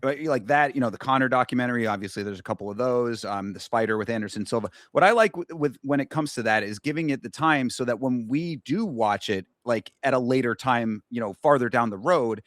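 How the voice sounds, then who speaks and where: A man's voice: mid-range voice, fairly quick, hardly any pauses, fairly bright tone, no echo, studio quality. A man co-hosting a casual sports talk show, easygoing and steering the conversation. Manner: easygoing, wrapping up and steering topics. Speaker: podcast co-host. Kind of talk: casual chat.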